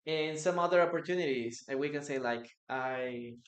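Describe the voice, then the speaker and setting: A man's voice: on the high side, normal speed. A man whose first language is Spanish, teaching a live online English class and patiently explaining grammar through example sentences on a computer mic.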